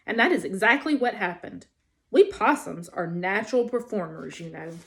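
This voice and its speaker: A woman teacher reading a children's novel aloud in an expressive storytelling style. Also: mid-range voice, normal speed, creaky.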